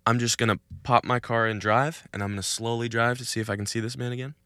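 A young man hosting a podcast, recording outdoors, telling a story in a casual and animated way and laughing between lines. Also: medium pitch, fast talker, no echo, clean studio sound. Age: young adult. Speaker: podcast host. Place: outdoors in a cul-de-sac.

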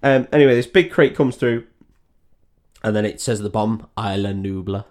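A man's voice: on the low side, normal speed, a little mellow. A man co-hosting a comedy podcast, recapping a film in a rambling way, laughing and swearing often. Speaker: podcast co-host.

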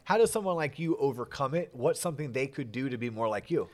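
A man's voice: medium pitch, lively intonation, quick pace, darkish tone. Casual curious man interviewing. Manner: curious, casual, repeats words while asking. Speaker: podcast host. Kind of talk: interview questions.

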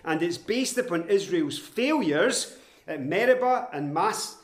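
High-voiced man preaching in an echoey room. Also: expressive, measured pace. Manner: earnest, emphatic, explaining step by step. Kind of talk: expository sermon. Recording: roomy echoey hall.

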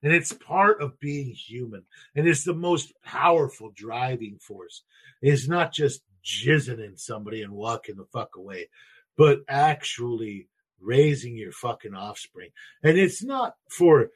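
A middle-aged man co-hosting a podcast, telling crude, animated stories about his kids in casual talk. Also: medium pitch, unhurried, husky. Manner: profane, animated storyteller. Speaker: podcast co-host.

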